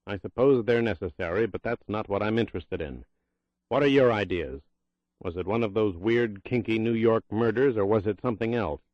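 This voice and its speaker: An impatient, harsh-tongued president with a Southern drawl, as a man acts him out for an audiobook, curt and demanding. His voice sits fairly low, dry and slightly muffled. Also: normal speed, dry recording, lightly acted. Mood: angry demanding. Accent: Southern American drawl.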